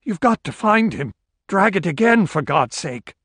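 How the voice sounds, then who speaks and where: A man's voice: high voice, big pitch swings, measured pace, a bit bright, husky, no echo, clean studio sound, voice pushed up, heavily acted. A man reading a desperate, strained man whose voice is near breaking, pleading and raising his voice.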